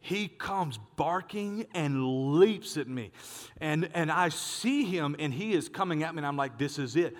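Brief: high-pitched male preacher, animated storyteller, big church hall reverb. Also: a little slow. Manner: animated storyteller, acts out dialogue. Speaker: pastor. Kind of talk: sermon with storytelling.

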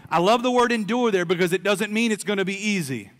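A man preaching a sermon as a pastor, emphatic, swinging between soft, quiet stretches and loud, pressing lines. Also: high-pitched, fast. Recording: long hall reverb.

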